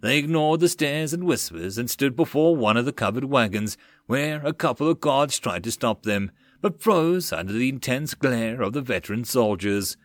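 Expressive male audiobook narrator. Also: mid-range voice, moderate pace, hardly any pauses, dry recording.

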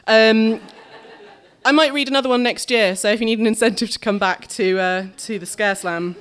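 A woman performing a dramatic verse reading live on a theatre stage, playful and laughing between lines. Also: a little high.

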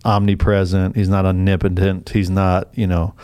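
Earnest low-voiced man teaching. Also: monotone, moderate pace, dark tone, clear, resonant tone. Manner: earnest, explains scripture with casual asides. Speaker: podcast co-host. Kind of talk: casual podcast chat. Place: studio.

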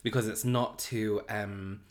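A man, co-hosting a casual beauty chat, excitable and gushing, laughing often and trailing off mid-sentence. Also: on the low side, takes it slowly. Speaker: podcast co-host, beauty YouTuber.

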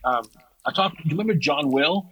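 A man's voice: fairly quick, slightly rough, rough recording. A middle-aged man, a martial arts teacher and podcast guest, chatting casually and animatedly, often restarting his sentences. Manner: animated storyteller, restarts often, rises in pitch for emphasis. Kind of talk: casual conversation.

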